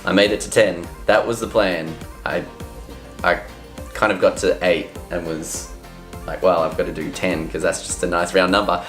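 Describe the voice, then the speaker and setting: A man's voice: deep voice, fairly even intonation, normal speed, fairly bright tone. Chatty upbeat man, roomy sound. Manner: chatty, upbeat, laughs at himself. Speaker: vlogger giving voiceover tips. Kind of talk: casual tips vlog. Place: room with couches and chairs. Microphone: studio microphone, standing. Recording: roomy echo, faint music.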